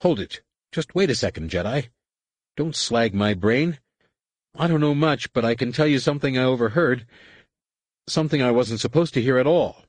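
A man voicing a nervous, talkative young male pilot held captive, speaking in an eager, hurried way. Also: medium pitch, expressive, dry recording, pitched above the performer's own voice, close to an everyday voice.

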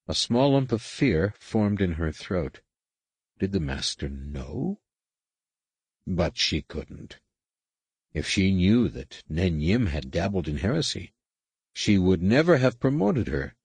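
A man narrating an audiobook in a deliberate, even storytelling manner on a close microphone. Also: deep voice, slightly rough, no echo. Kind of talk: scripted narration.

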